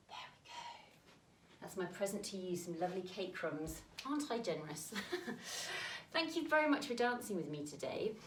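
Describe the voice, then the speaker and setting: A woman with a British accent leading a children's dance lesson, slightly out of breath, giving gentle, encouraging cues. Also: on the low side, expressive, fast talker, few pauses, noisy background. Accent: British English. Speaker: dance teacher. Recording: roomy sound, mic at a distance.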